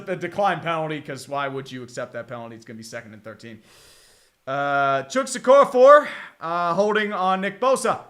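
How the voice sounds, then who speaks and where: A man's voice: high voice, a bit bright. A man streaming live commentary on a game as he watches. He rambles and groans, swears a lot and turns sarcastic when his team plays badly. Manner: exasperated, sarcastic, swears often; rambling, many fillers and repeated groans.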